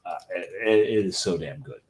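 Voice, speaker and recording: A man's voice: low voice, normal speed. A man co-hosting a craft beer show, chatting casually and enthusiastically about beers, with emphatic repeats. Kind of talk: casual chat reviewing beers.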